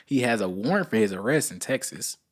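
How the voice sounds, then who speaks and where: A man co-hosting a relaxed podcast chat with a slightly low voice. He tells a rambling story and acts out every quoted line, jumping into a higher voice for the people in it. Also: brisk. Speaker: podcast co-host.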